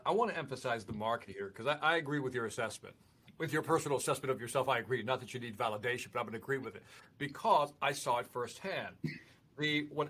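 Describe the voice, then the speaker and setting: Guy host chatting, bit husky, acts out every quote. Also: mid-range voice. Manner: animated storyteller, acts out quotes. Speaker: podcast host. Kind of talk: casual interview chat.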